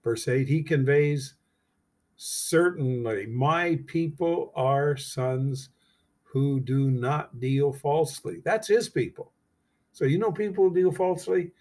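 A man with a husky voice reads scripture aloud at an unhurried, deliberate pace. He stops after each verse to explain it, firing off emphatic rhetorical questions before moving on to the next. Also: a little high, a little mellow. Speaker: Bible teacher.

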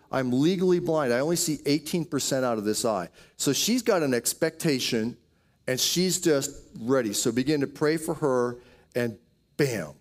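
A man preaching a sermon, telling healing stories in a storytelling way with quoted asides. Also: on the high side. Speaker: pastor. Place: church auditorium.

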